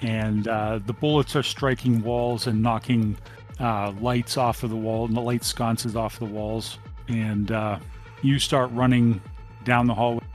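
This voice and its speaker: A man's voice: medium pitch, unhurried, soft background music. Man narrating as tabletop game master. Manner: steady descriptive narration with frequent ums.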